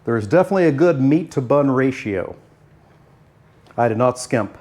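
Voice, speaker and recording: A man's voice: mid-range voice, expressive, normal speed, darkish tone. An older man hosting a home cooking show, talking casually and folksily with frequent filler words.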